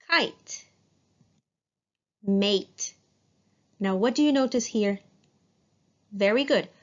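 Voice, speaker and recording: Female teacher, unhurried, clear word-by-word delivery, slightly muffled lo-fi recording. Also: medium pitch. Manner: slow, clear, asks the class questions and answers them herself. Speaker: English teacher. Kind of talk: recorded phonics lesson.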